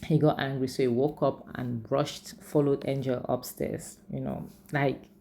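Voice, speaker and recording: A woman's voice: extremely low pitch, level tone, measured pace, gravelly, hardly any pauses, dark tone, slight background noise. A woman casually retelling a film's story as a reviewer, chatty and emphatic with frequent asides. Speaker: movie reviewer. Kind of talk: casual storytelling recap with personal opinions.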